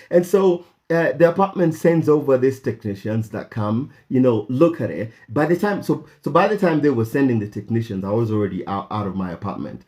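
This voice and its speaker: A young Kenyan man telling a story for his vlog in an animated way, jumping high in pitch when he quotes himself, with lots of fillers and restarts. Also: brisk, few pauses. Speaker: vlogger.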